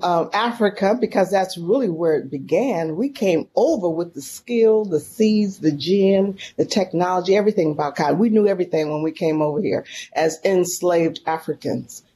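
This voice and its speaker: A woman from San Francisco, a guest in an interview, telling a story in a folksy, animated and emotional way. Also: medium pitch. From San Francisco, California. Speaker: podcast guest, professor.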